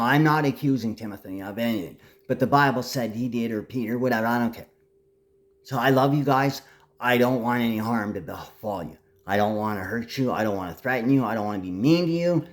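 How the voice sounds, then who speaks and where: Speaking to the camera in a mid-range voice, a man rambles through an angry, threatening monologue. He swerves between calm talk and shouting.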